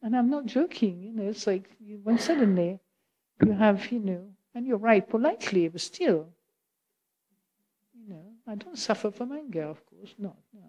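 A woman's voice: mid-range voice, lively intonation, moderate pace, warm tone, highs cut off. A woman speaks English with a French accent, giving an informal Buddhist question-and-answer talk. She is chatty and laughs easily. She keeps turning to her listeners to check that they follow her. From France.

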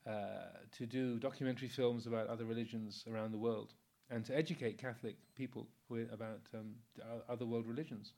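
A man in his sixties, a Buddhist monk, giving an informal Dharma talk in a relaxed, anecdotal way, with many fillers and frequent chuckles. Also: medium pitch, a little fast, vocal fry, hardly any pauses.

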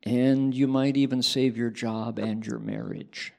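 A man voicing a calm, kindly male Buddhist monk who gives gentle, reassuring advice. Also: mid-range voice, measured pace, creaky, exaggerated voice.

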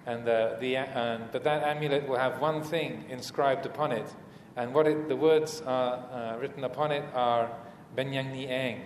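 A man's voice: mid-range voice, fairly even intonation, moderate pace, few pauses. Hesitant man giving a dharma talk in an echoey hall. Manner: hesitant, many fillers and restarts, gentle humor. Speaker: Buddhist monk teacher. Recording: echoey hall, faint room noise.

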